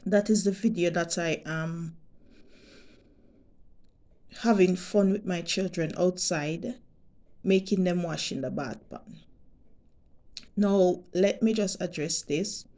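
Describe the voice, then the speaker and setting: A Jamaican woman vlogging to her subscribers, talking deliberately and emphatically and repeating her points. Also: fairly low pitch, mellow. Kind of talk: direct-to-camera monologue.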